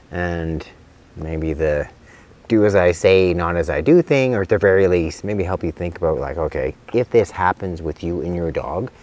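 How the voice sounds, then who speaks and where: Middle-aged male vet, low voice, loose and chatty with many fillers and restarts. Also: a little hiss or hum. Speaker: veterinarian. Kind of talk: casual spoken advice video.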